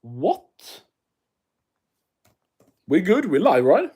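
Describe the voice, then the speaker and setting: A man from Sweden with a Swedish English accent hosts a casual MMA livestream. He swears often, jokes around and reads viewer messages aloud. His voice sits on the high side and his pace is slow. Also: wildly swooping pitch, warm tone, breathy edge. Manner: profane and joking, reads chat aloud.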